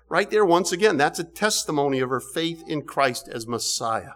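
A middle-aged man preaching a sermon, animated, with emphatic bursts and frequent restarts. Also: a little high, normal speed, few pauses.

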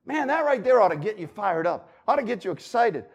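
Guy preaching a sermon, high voice, goes loud then quiet, repeats himself for emphasis. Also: a little fast. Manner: animated, swings between loud and hushed, repeats phrases for emphasis.

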